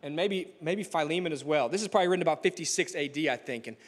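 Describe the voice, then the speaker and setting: A man preaching a sermon in a church, telling stories in a casual, animated way with frequent restarts. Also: fairly high pitch, fast. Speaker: pastor.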